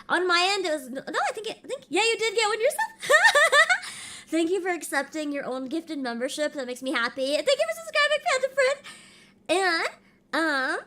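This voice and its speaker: A woman streamer chatting casually on a livestream, bubbly and sing-song as she reads out names, her voice rough because she is sick. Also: very high-pitched, bright, forceful tone, a little hiss or hum. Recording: faint background music.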